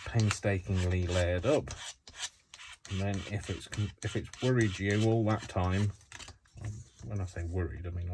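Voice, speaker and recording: A man's voice: low-pitched, background noise. A man hosting a casual craft tutorial, chatting and rambling to himself as he works. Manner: chatty, rambling, self-talking while working.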